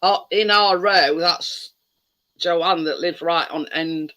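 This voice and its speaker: Slow, bright, high-voiced man. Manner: rambling, halting, laughs often. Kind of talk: casual banter among friends.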